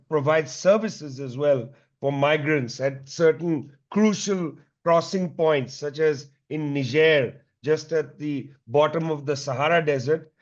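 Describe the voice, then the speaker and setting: Man lecturing, dull lo-fi sound. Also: a little high. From India. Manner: measured, explanatory, with frequent "you know". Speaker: guest speaker, historian. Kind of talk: public talk, explanatory lecture. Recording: dull lo-fi recording.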